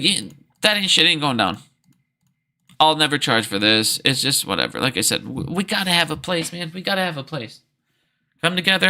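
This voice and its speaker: A man's voice: fairly high pitch, creaky, sharp tone. A young man hosting a stock trading channel, talking in a profane, rambling, heated casual monologue to his viewers.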